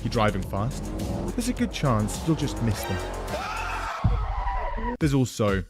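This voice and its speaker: A man's voice: medium pitch, big pitch swings, a little slow. A man giving scripted narration in a dry, sardonic tone. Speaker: video essay narrator. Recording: music bed behind narration.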